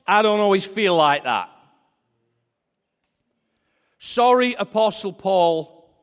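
A man preaching a sermon with a high, lively voice that leaps up and down as he acts out little dialogues. His talk is chatty and personal, and the sound rings with the long reverb of a big hall. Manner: lively, conversational, acts out quotes.

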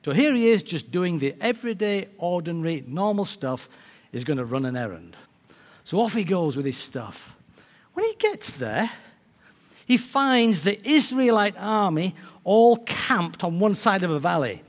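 A man preaching a sermon, telling a story in a lively way and acting out its characters. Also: high voice, measured pace. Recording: long reverb of a large hall.

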